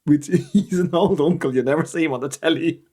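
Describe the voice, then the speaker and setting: Animated Irish comedian swearing freely. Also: male voice, a little high, fairly quick. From Ireland. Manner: animated storyteller, swears freely, acts out voices in his anecdotes. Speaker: comedian guest. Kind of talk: casual storytelling chat.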